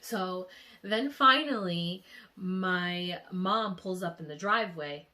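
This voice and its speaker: A young woman vlogger emotionally retelling a dream in a casual, animated way. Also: fairly low pitch, takes it slowly. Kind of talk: casual storytelling.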